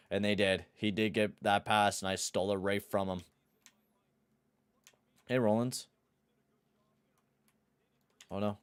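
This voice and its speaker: Young male streamer, lowish smooth voice, dry close sound, excitable and profane. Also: measured pace, pauses often, no echo. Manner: excitable, swears, shouts at the game. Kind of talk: live gameplay commentary and chat.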